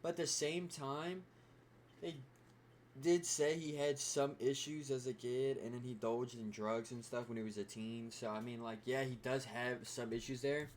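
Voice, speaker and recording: Casting: young guy, mid-pitched, rambling reaction-video host, cusses freely. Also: flat delivery, normal speed, a little hiss or hum. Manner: rambling, full of "like" and swearing. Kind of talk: casual reaction commentary.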